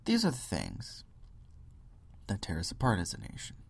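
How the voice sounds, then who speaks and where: A man's voice: low-pitched, huge pitch swings, normal speed, creaky, slightly rough. A young man hosting a solo podcast, ranting and mocking other views with impressions and sudden whispers. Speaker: podcast host. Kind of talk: solo political rant.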